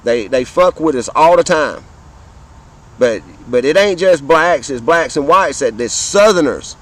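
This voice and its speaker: A man in his fifties with a thick Southern drawl speaks outdoors in an impassioned, rambling monologue. He swears freely and stumbles over repeated words. His voice sits a little higher than most men's. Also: expressive, measured pace, low-quality recording. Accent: Southern American. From Southern United States. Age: 50s. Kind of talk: casual monologue to camera.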